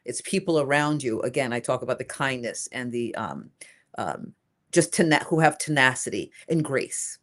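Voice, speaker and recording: Older woman, low voice, emphatic and animated, casual interview guest. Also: normal speed. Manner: lively, emphatic, repeats phrases for emphasis. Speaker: inventor and guest.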